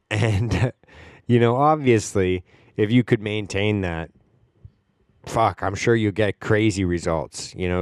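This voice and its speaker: A man's voice: lowish voice, measured pace, dry recording, studio quality. A man hosting a podcast, talking in a rambling casual monologue with lots of fillers and the odd swear word. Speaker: podcast host.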